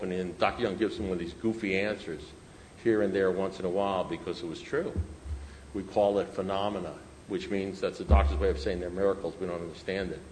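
A man's voice: sits low, slight background noise, rough recording. A middle-aged man speaking at a recovery meeting, blunt and emphatic, repeating phrases for effect. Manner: animated, emphatic, repetitive, blunt. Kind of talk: personal recovery talk.

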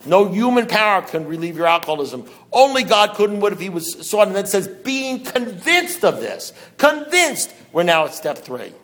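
High-voiced man preaching to a meeting. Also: animated, quick pace, hardly any pauses. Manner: preachy, rhetorical questions, wry humor. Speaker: speaker at a recovery meeting. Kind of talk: impassioned talk to a meeting. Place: meeting room with an audience.

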